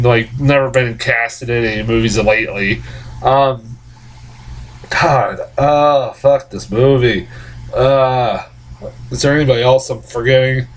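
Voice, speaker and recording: A man's voice: medium pitch, slight background noise. A man giving a casual, unscripted movie review. He talks bluntly and with exasperation, swears a lot and stammers into frequent restarts.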